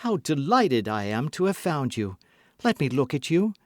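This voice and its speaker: A man voicing a cold, cunning noblewoman who speaks smoothly and feigns warmth. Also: fairly high pitch, very animated, moderate pace, dry recording, studio quality, pitched above the performer's own voice. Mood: effusive.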